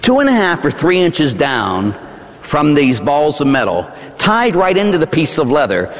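Brief: dramatic male preacher, lively pitch swings, theatrical storytelling. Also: long reverb tail. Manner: vivid, theatrical storytelling with sudden shouts. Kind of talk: dramatic sermon.

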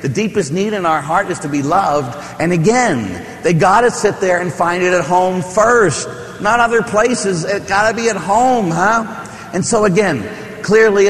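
A man's voice: high-pitched, fairly bright tone. A middle-aged man preaching as a priest, telling stories and asking the congregation questions. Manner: storytelling with rhetorical questions. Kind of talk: sermon. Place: church. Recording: echoey church hall.

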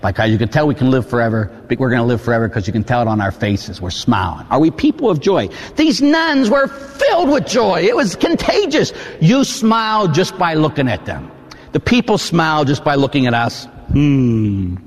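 A man, a Catholic priest, telling a story in a sermon, swinging between hushed asides and excited exclamations. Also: fairly high pitch, normal speed, in a large hall.

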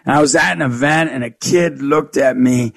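A man's voice: normal speed, creaky, a bit bright, dry recording. A man guest speaker telling a story earnestly in an interview, acting out the people he quotes. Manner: earnest, preacherly, acts out quotes with pitch jumps.

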